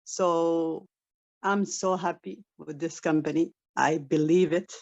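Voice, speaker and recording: Low-voiced enthusiastic woman on a call. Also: steady tone, slow pace, creaky, darkish tone, highs cut off. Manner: enthusiastic, simple phrasing. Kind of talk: casual group call.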